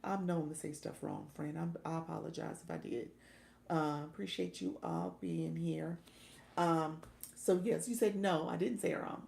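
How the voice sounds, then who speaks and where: A woman's voice: on the low side, steady tone, unhurried, creaky, darkish tone, echoey room. A woman coaching new livestreamers in a casual chat, laughing often and thanking viewers as she reads their comments.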